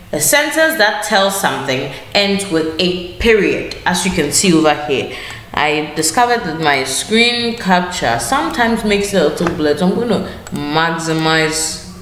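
A woman with a fairly low, slightly bright voice teaches a grammar lesson online over a screen share, patiently repeating key phrases and correcting herself as she goes. The room is echoey, with faint ambient noise.

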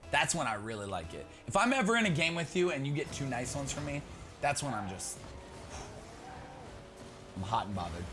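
Excitable young man commentating gameplay. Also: medium pitch. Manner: excitable, chatty, talks to teammate, bursts into loud shouts. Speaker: gaming YouTuber. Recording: background noise.

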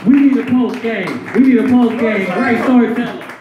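A man hosting a comedy show, loudly hyping the crowd and bringing up the next comic. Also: very high voice, normal speed, highs cut off. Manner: loud, hypes up the crowd. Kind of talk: introducing comics on stage. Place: comedy club. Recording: echoey room, far mic, crowd noise.

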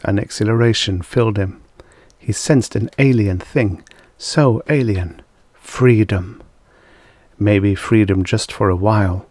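Deep slow guy reading old sci fi, dramatic but steady, super dry sound. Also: no echo. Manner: measured, dramatic storytelling. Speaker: audiobook narrator. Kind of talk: scripted narration of vintage science fiction.

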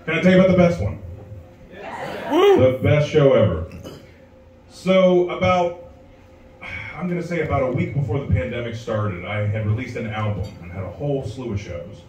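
A man's voice: medium pitch, moderate pace, long pauses, slight background noise. A man performing stand-up comedy, telling a long story and acting out other people's voices. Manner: animated, acts out characters' voices. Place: comedy club stage. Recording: roomy, distant live club recording. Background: audience laughter.

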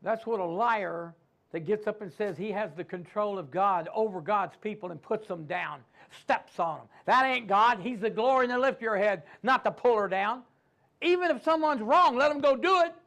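Male pastor, sermon delivery; very high voice, animated, slips into character voices. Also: normal speed. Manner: animated preaching with acted-out voices and asides.

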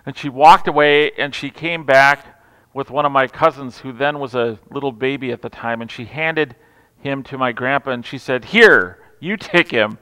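A man preaching a Christmas Eve sermon, telling stories with humor and swinging from loud declarations to hushed asides. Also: mid-range voice, fairly even intonation, normal speed, clear, resonant tone. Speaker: pastor. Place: large church sanctuary. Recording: reverberant church hall.

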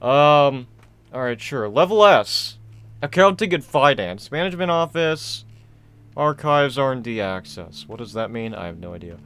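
A young man casually commenting on a horror game he is playing, rambling, excitable and self-deprecating. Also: mid-range voice, normal speed, smooth. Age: young adult. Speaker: gaming channel host. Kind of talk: casual let's-play commentary.

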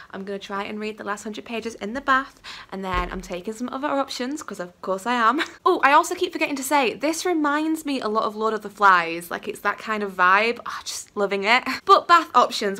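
A woman's voice: mid-range voice, pushed and bright. A young woman, chatting casually in a book vlog, effusive and rambling. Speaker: booktuber.

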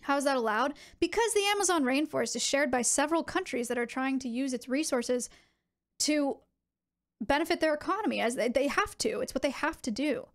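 Chatty young woman streamer. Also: high voice. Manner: animated, talks to chat, quick asides. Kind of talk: casual chat with viewers.

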